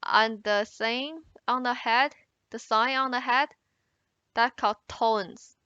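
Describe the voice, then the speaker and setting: A woman with a Mandarin Chinese accent teaching an introductory language lesson, explaining slowly and exaggerating tones in her examples. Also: a little high, steady tone, bright, forceful tone, clear, resonant tone, no echo, muffled recording. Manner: slow, careful explanation, exaggerating tone contours in examples.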